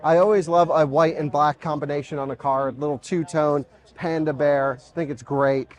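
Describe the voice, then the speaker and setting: An automotive reviewer and host with a fairly high, steady voice gives a casual, enthusiastic walkaround of a concept car at an outdoor car show, full of fillers and asides. He speaks at a moderate pace, and the audio sounds dull.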